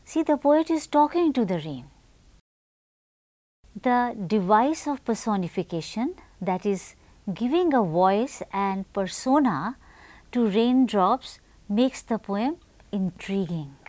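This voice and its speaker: A woman teaching a class, speaking slowly and deliberately and putting questions to her students. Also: mid-range voice, expressive, darkish tone, no echo. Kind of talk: classroom lesson with poem reading.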